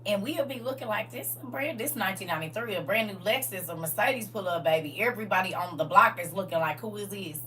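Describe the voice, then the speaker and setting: A woman of about forty telling stories from her past in a casual, animated way, full of slang and laughter. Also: mid-range voice, fast talker, few pauses, distant mic, slight background noise. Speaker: livestream co-host. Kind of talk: casual storytelling chat.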